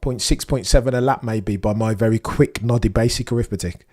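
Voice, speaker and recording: Excitable man commentating live. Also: on the low side, fairly quick. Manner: excitable, chatty, British slang, talks to chat. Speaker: livestream host. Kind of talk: live race watchalong commentary.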